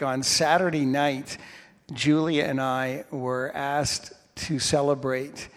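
A man's voice: medium pitch, level tone, slow pace. A pastor in his sixties telling a humorous personal story during a sermon. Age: 60s. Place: church sanctuary. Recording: long hall reverb.

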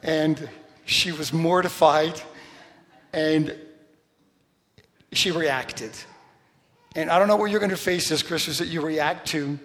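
A middle-aged man preaching with animated, story-driven delivery and a fairly high voice. He bursts into loud, shouted lines when acting out a story. His voice rings with the long reverb of a large hall. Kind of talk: sermon.

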